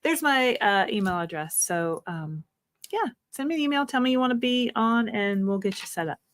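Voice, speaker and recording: A woman's voice: on the high side, expressive, normal speed. A middle-aged woman co-hosting a live stream, chatting casually, laughing often and giving practical advice. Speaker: co-host of a weight-loss livestream.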